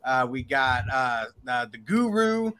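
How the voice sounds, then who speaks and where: Bright-voiced co-host plugging a Patreon. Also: male voice, big pitch swings, takes it slowly, clear, resonant tone. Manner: upbeat promo pitch. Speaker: podcast co-host. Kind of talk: casual sports podcast chat.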